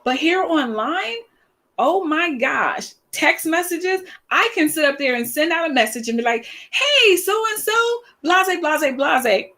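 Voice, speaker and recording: A woman in her fifties talks to her online followers in an easy, chatty live-stream manner. Her voice sits a little high, and she tells her stories with animation, sprinkling in fillers and laughter. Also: a little slow. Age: 50s. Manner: animated storytelling, acts out quoted voices. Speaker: social media coach.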